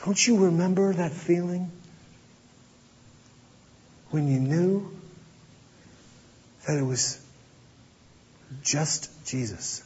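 A man preaching a sermon as pastor, earnest, dropping to a hush to press his points. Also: on the high side, husky. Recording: dull audio with long hall reverb.

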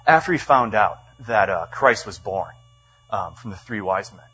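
A man preaching to a room full of people, telling his story with lively energy and plenty of ums. The sound is slightly muffled, with a faint hum underneath. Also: lowish voice, normal speed. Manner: animated storytelling, many fillers, acts out quotes. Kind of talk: storytelling sermon. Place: church meeting room with a live audience.

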